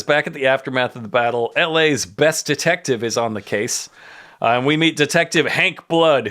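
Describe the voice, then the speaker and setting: A man's voice: mid-range voice, a bit bright. A man guest on a podcast, casually recapping a comic in a wry, rambling way with frequent laughs.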